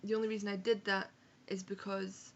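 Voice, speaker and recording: Young Edinburgh woman, frank and chatty book vlogger, creaky edge, muffled webcam sound. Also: medium pitch, level tone, a little fast, heavy background noise. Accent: Scottish, Edinburgh. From Scotland. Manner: chatty, frank, sprinkled with swearing and self-corrections. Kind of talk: casual book review vlog. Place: home room on a rainy day.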